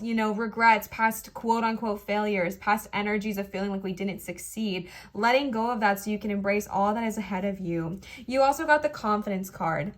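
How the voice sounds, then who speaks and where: A woman giving a pick-a-card tarot reading to camera. She heaps earnest, emotional encouragement on the viewer and says more than once that she is close to tears. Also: medium pitch. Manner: warm, effusive encouragement addressed straight to the viewer. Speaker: tarot reader.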